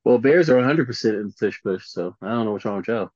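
A man's voice: on the low side, expressive, quick pace, darkish tone, dry recording. Rambling jokey man, dull recording. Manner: rambling, jokey, self-mocking. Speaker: podcast co-host. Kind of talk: casual sports chat.

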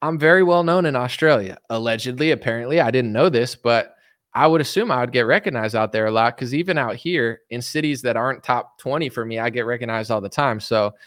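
A man's voice: medium pitch, a little fast, fairly bright tone, no room sound, clean studio sound. A man from the United States answering viewer questions in a casual, rambling, joking livestream chat. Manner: rambling, joking, reads viewer comments aloud.

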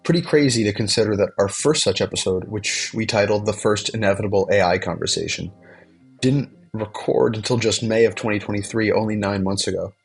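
Man podcast host, nasal from a cold, low gravelly voice, faint music behind. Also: fairly quick. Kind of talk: podcast intro and interview.

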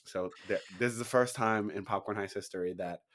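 A young man in his twenties co-hosts a casual podcast, talking in loose, rambling stretches full of restarts and quick laughs. His voice sits a little low, and the mic is close. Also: a bit bright. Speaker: podcast co-host.

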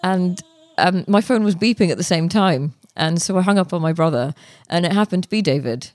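A young woman, a guest author, telling her story in a relaxed interview, chatty with many fillers and restarts. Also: on the low side, brisk, dry recording.

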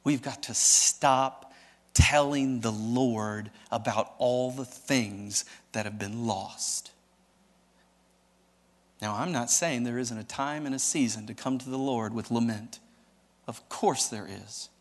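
A male pastor preaching a sermon in an animated, dramatic way, often asking the audience questions. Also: mid-range voice, takes it slowly, in a large hall.

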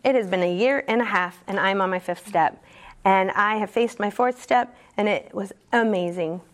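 A woman telling her own recovery story at a support meeting, candid and earnest, halting often with fillers and restarts. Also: mid-range voice. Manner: earnest and emotionally open. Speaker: speaker sharing at a recovery meeting. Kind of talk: personal recovery testimony.

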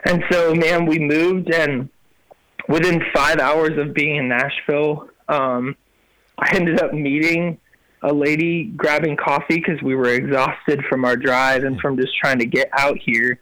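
An animated young man recounts his journey as a guest, slipping into quoted voices and using lots of fillers. His voice sits a little high for a man. The sound is dry and close. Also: measured pace, dry recording, rough recording. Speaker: guest, Christian worship musician. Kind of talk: casual storytelling interview.

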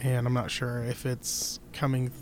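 A man's voice: medium pitch, monotone, unhurried. A man co-hosting a casual guitar podcast, chatty and telling stories with quoted voices. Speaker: podcast co-host. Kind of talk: casual chat. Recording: with a faint crackle from his new computer setup.

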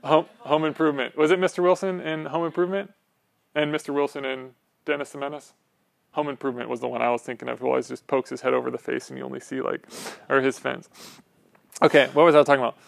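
A man's voice: medium pitch, little pitch movement, quick pace, gravelly, dry recording. A man teaching a small Bible class in a church room, talking informally and often checking in with "right?" between his points. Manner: conversational, peppered with "right?" tags and restarts.

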